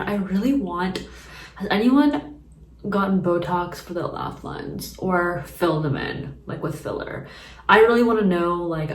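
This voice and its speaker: A woman's voice: on the low side, a little mellow, slight background noise. A young woman chatting casually through a makeup routine, rambling with lots of fillers. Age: young adult. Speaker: beauty vlogger. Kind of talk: casual makeup tutorial chat. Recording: echoey room, mic at a distance.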